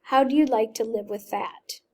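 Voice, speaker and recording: A woman's voice: fairly high pitch, moderate pace, mellow, lightly acted. A woman reading a guilt-stricken teenage boy. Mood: anguished. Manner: plain reading voice with slight emotional lift.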